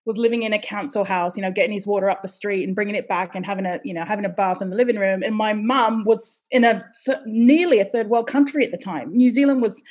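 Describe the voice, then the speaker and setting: A woman's voice: medium pitch, quick pace, few pauses. Chatty woman guest from Hawaii. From Hawaii, United States. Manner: chatty and animated, laughing often. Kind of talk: casual interview chat.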